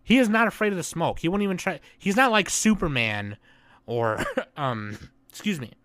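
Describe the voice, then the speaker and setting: A man co-hosting a podcast, ranting loudly and profanely, swinging between shouting and muttering. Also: a little high, expressive, normal speed, no echo. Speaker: podcast co-host. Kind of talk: casual chat.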